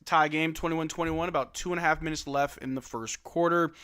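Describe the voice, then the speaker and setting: A man calling a game on a casual livestream, his voice bright and forceful and sitting a little high. He runs the play-by-play, reads chat questions aloud and answers them, and breaks into loud outbursts at big plays. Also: fairly even intonation, fairly quick, clean tone. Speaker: livestream host doing play-by-play. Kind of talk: casual watch-along commentary.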